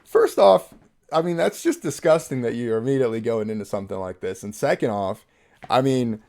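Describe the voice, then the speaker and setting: Young guy w a gravelly voice, loose chatty commentary, laughs a lot. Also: medium pitch, big pitch swings, brisk, warm tone. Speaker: YouTube host. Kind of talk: casual commentary reading texts.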